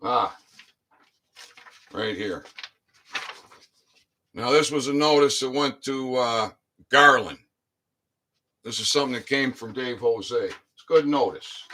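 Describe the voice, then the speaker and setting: A man in a casual vlog reads his court filing aloud to followers, emphasizing key phrases by slowing down and repeatedly asking "all right?" His voice is mid-range and sharp, and there's a slight hiss or hum in the recording.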